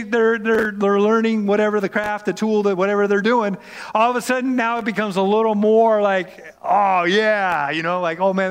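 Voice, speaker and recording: A man preaching a sermon in a lively way, repeating words and often asking "right?". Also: high-pitched. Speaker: pastor. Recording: long reverb of a hall.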